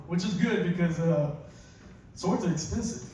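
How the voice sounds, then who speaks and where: A man's voice: on the high side, fairly even intonation, unhurried, a little mellow, dull audio, slight background noise. A man, doing a self-mocking stand-up comedy set and chuckling at his own stories. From Louisiana. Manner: laid-back, self-mocking storytelling with chuckles. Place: large theater stage. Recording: echoey hall recording from far off. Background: audience laughter.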